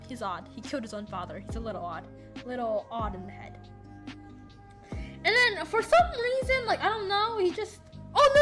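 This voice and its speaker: A woman's voice: high-pitched, fairly bright tone. A woman rambling through a storytime while drawing, often sidetracked and correcting herself. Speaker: storyteller and artist.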